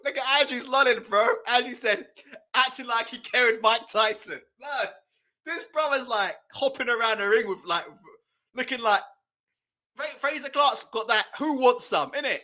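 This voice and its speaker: With an extremely high, bright, pushed voice at normal speed, a man hosts a live boxing watch-along. His commentary is casual and loose, full of mocking laughter and profanity.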